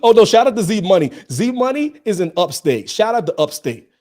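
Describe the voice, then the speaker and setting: A man co-hosting a casual podcast, his voice sitting a little high and swinging widely as he talks. He teases his friend, reads stories aloud and laughs often. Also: brisk. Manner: laughs often, teasing, animated delivery. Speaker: podcast co-host.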